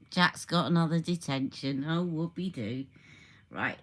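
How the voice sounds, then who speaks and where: A woman's voice: on the low side, lively intonation, unhurried. A woman hosting a casual beauty live stream, chatting about products and reacting to viewer comments as she goes.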